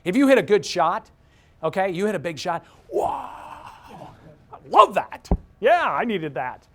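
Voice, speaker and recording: A man speaking as a motivational keynote speaker, his pitch swooping up and down as he drives each point home. He is punchy and energetic and repeats short phrases for emphasis. He sounds like a storyteller working a room. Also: moderate pace. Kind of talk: inspirational keynote talk.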